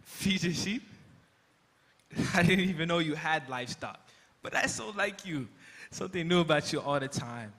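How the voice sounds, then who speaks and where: A young man plays Peter the fisherman, an excitable disciple who rambles with comic energy. His voice sits fairly high and sounds very bright. It rings out through a long, reverberant school hall. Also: moderate pace, heavily acted. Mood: excited. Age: young adult. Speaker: student actor in a school skit. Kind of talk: stage skit acting. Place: school auditorium.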